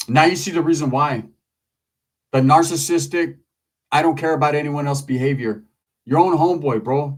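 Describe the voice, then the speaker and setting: A man in a casual commentary monologue, talking freely and with a lot of profanity. His voice sits a little higher than most men's. Now and then he jumps into loud, high-pitched impressions of other people. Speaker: YouTube commentator.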